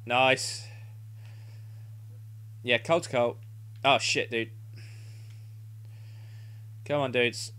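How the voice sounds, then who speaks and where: A man's voice: medium pitch, fairly even intonation, very slow, long pauses, sharp tone, clear, resonant tone. A young man playing a football video game live, urging his team on and swearing in frustration. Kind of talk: live gameplay commentary.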